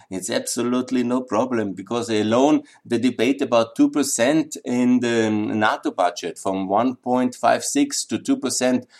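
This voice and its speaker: A man's voice: on the low side, a little mellow. Emphatic man. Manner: emphatic, repeats points for weight. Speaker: political commentator. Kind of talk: opinion monologue.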